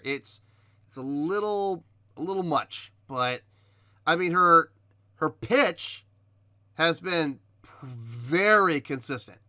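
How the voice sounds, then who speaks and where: A man hosting a reaction video, giving measured critique in casual talk, often pausing with ums and restarting his sentences. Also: fairly high pitch, pushed and bright, no room sound. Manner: hesitant, many ums and restarts. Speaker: reaction video host reviewing a singer. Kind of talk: casual spoken commentary.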